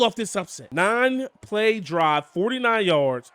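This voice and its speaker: A young man giving casual, excitable play-by-play commentary on his football video game, often calling out to "boys" and "man". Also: sits high, normal speed, hardly any pauses, dry recording. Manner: excitable, hypes big plays, keeps saying "boys" and "man". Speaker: gaming YouTuber.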